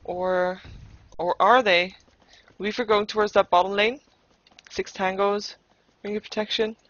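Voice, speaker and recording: A woman's voice: medium pitch, steady tone, measured pace, dry recording. A woman giving live game commentary as caster, thinking aloud with playful asides and frequent restarts. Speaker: esports caster. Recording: dull lo-fi recording.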